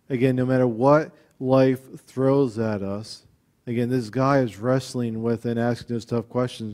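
A man preaching a sermon on a psalm, earnest, often repeating and restarting words, moving between soft, low passages and louder, emphatic ones. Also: fairly even intonation, unhurried.

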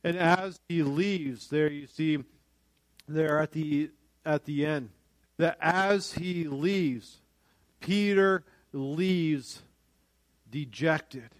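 A man preaching with a western Pennsylvania accent, his voice pitched high. He acts out the people in his story, climbing to loud emphasis and then dropping to a low, quiet hush. The sound is dry and close, with no room echo. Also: extremely slow. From northwest Pennsylvania. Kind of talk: sermon.

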